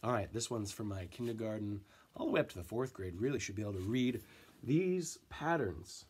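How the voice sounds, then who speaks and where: A man's voice: lowish voice, expressive, brisk, a little mellow, breathy edge. A man teaching an elementary music class, counting in and chanting rhythm syllables for the children to clap along.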